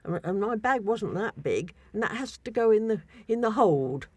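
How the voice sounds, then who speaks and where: A woman, telling rambling, animated travel anecdotes in casual chat as a guest. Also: medium pitch, normal speed, breathy edge. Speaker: guest storyteller.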